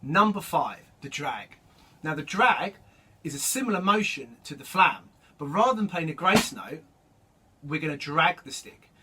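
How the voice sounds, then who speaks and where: A man's voice: a little high, moderate pace. Man teaching drum rudiments. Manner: relaxed, explanatory, counts sticking aloud. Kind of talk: instructional demonstration. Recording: distant mic with loud drum noise.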